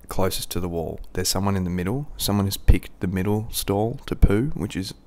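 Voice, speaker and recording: A man's voice: sits low, brisk, a little mellow. A young Australian man telling a crude, rambling, self-mocking anecdote in a casual way, laughing at his own story.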